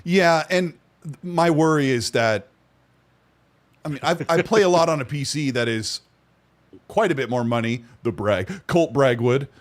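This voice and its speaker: A man's voice: medium pitch, lively intonation, unhurried, long pauses. A man hosting a gaming podcast, chatting casually, teasing his co-host and reading from the chat. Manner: teasing, reads chat aloud.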